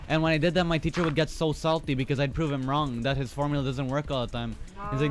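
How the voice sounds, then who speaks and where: A man's voice: on the high side, fairly even intonation, quick pace. Man from the Philippines, streamer, rambling storyteller, faint music behind. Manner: rambling, filler-heavy storytelling. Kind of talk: casual chat.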